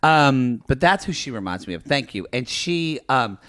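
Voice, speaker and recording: A man's voice: medium pitch, normal speed. A man co-hosting a podcast, casually retelling scenes and acting out the lines. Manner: animated retelling, acts out quotes, many fillers. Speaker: podcast co-host. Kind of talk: casual recap chat.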